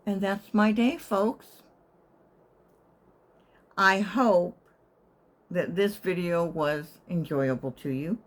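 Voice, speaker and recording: A woman's voice: on the low side, slow pace, long pauses. An older woman living in assisted living, telling a wry, chatty story to her channel and sometimes whispering her inner thoughts. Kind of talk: casual storytelling to camera.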